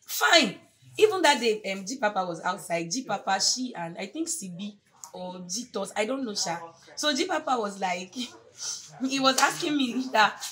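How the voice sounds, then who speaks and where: A woman's voice: mid-range voice, lively intonation, moderate pace, fairly bright tone. A young woman with a Nigerian accent giving an earnest, rambling farewell tribute at a fellowship gathering, laughing between phrases. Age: young adult. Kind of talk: heartfelt tribute speech. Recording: noisy crowd around speaker.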